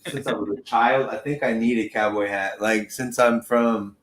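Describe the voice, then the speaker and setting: A man's voice: lowish voice, steady tone, normal speed, reverberant. A man from Texas in his thirties, rambling and swearing through a casual chat as a podcast host. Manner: rambling, profane, repeats himself.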